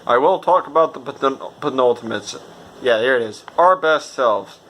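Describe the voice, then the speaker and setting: Bright-voiced man rambling a game review. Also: mid-range voice, lively intonation, normal speed, slight background noise. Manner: rambling, swears, stumbles and corrects himself. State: stuffy nose. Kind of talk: casual unscripted game review.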